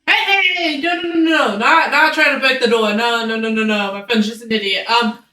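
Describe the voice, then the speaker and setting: A man voicing a panicky, jittery female fairy in a tabletop game, talking in rapid frantic protests. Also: very high voice, bright, forceful tone, full character voice. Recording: roomy echo, from far off.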